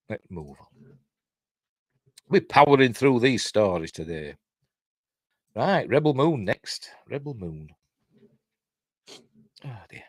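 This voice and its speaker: An older man with a Yorkshire accent reads entertainment news on his live stream, drifting into chatty, self-mocking asides. His voice sits fairly low but rises and falls a lot. The sound is dry and close. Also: dry recording. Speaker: host reading entertainment news.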